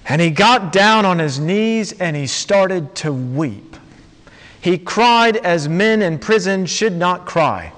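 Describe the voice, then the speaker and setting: Slow preacher guy telling a story, kinda high voice, lots of hall echo. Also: lively intonation, fairly bright tone. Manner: slow, dramatic storytelling with long pauses. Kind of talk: storytelling sermon. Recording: long reverb of a large hall.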